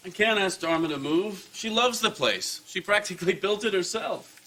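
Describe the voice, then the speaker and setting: An actor playing a fussy, exasperated young husband in a sitcom. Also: male voice, high voice, expressive, normal speed, pushed and bright, exaggerated voice. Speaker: uptight young husband, a lawyer. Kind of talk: sitcom acting.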